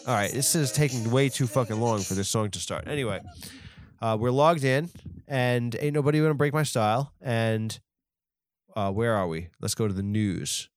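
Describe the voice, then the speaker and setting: A man hosting a comedy podcast, rambling through absurd asides in a deadpan manner. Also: medium pitch, normal speed, no echo, faint music behind. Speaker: podcast host.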